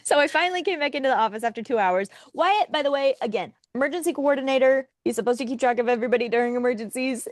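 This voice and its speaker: A young woman co-hosting a casual chat, telling a story in a wry, animated way and acting out what others said. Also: high-pitched, racing, hardly any pauses, no echo, studio quality. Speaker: podcast co-host.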